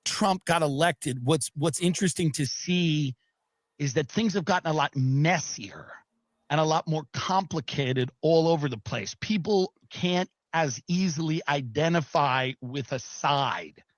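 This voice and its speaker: A man mimicking a calm intellectual, speaking in a measured, deliberate way in a comedy clip. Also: on the high side, no echo, close to an everyday voice. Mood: mock-serious.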